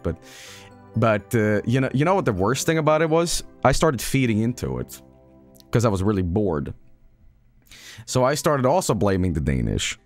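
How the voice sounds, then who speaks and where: A man, a streamer casually telling a rambling, self-mocking story. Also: on the low side.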